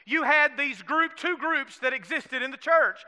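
In a church sanctuary with long hall reverb, a Southern US pastor preaches a folksy sermon, calling for amens and questioning the congregation. His voice is very high, pushed and bright, at a measured pace.

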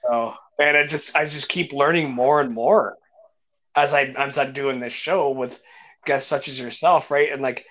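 A man's voice: mid-range voice, fairly even intonation, normal speed, fairly bright tone. A man hosting a podcast, telling stories in casual chat with lots of fillers and restarts. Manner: enthusiastic storytelling with many fillers and restarts. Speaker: podcast host.

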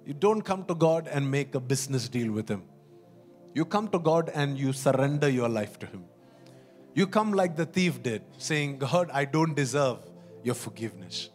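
A man's voice: on the high side, lively intonation, moderate pace, a little mellow, soft background music. A man preaching a sermon in an earnest, pleading way, often repeating and restarting phrases.

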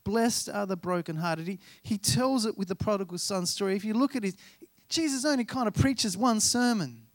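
Preaching with personal anecdotes, this man in his thirties keeps things conversational and pokes fun at himself, voicing bits of dialogue as he tells stories. He speaks high, at a normal speed with hardly any pauses, and the recording is dry.

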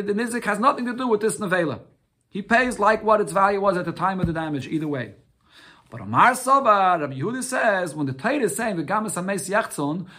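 Brief: male Talmud teacher, fairly high voice, patient step-by-step explainer, answers his own questions. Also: a bit bright. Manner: explains step by step, mixing Aramaic phrases with English; rhetorical questions answered himself. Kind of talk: Talmud lesson.

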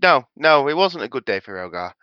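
Wry man, lively and smooth. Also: mid-range voice, a little fast, no echo, lo-fi sound. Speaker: player. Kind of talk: casual chat during a tabletop game.

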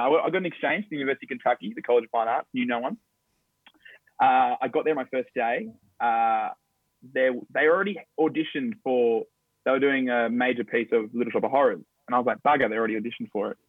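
A man's voice: medium pitch, no echo. Chatty Australian man on a tinny line. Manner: chatty, storytelling, upbeat. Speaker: guest, stage actor. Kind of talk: casual interview chat. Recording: dry tinny phone-like line.

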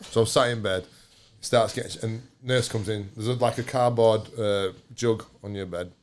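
A man's voice: lowish voice, fairly even intonation, normal speed. A man telling a blunt, sweary story in casual podcast chat.

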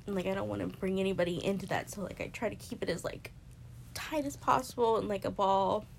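A woman's voice: fast, gravelly, a little hiss or hum. A woman in her twenties talking expressively in a casual heart-to-heart from a bedroom, laughing often. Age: 20s. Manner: expressive, laughs often, jumps into high-pitched quoted voices. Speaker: friend confiding. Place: bedroom, in bed.

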